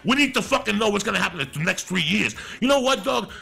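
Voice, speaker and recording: Gravelly, animated man ranting. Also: sits high. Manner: loud, profane, rapid-fire. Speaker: stand-up comedian. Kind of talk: profane storytelling rant.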